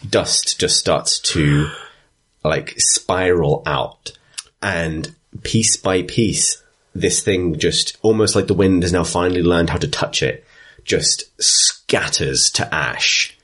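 A man's voice: sits low, takes it slowly, a bit bright, slightly rough. A man narrating a tabletop game as game master, rambling with many restarts. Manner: rambling, full of ums and restarts.

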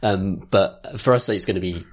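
A man's voice: sits low, normal speed, breathy edge. A man co-hosting a casual tabletop gaming chat, mostly chiming in to agree and speaking bluntly and with amusement when he takes a turn.

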